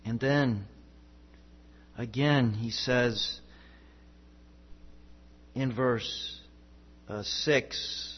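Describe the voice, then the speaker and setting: A man preaching a sermon as pastor, emphatic and rhetorical, swinging between loud declarations and hushed passages. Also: medium pitch, drawn-out words, long pauses, breathy edge, muffled recording.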